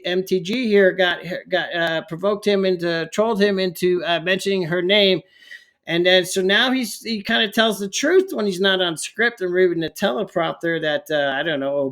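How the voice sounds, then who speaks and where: Man, political vlog commentary, heated and ranting, high-pitched, stumbling repetitions. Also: sharp tone.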